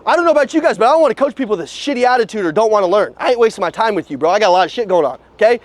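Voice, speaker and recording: A man's voice: high voice, animated, rapid-fire, no echo. A man coaching new car salesmen outdoors at a dealership, blunt and profane, hammering them with rhetorical questions. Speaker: sales trainer. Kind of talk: live motivational sales coaching.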